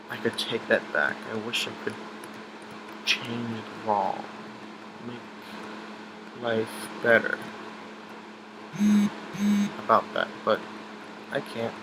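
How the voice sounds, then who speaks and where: Over a noisy background, a young man with a lowish, creaky voice haltingly shares an emotional story about his grandfather, restarting often and leaning on fillers.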